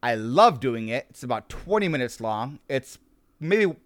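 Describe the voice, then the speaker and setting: A man's voice: mid-range voice, big pitch swings, measured pace, no echo, clean studio sound. A man hosting a podcast in casual chat, upbeat and rambling, with lots of fillers and restarts. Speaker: podcast host.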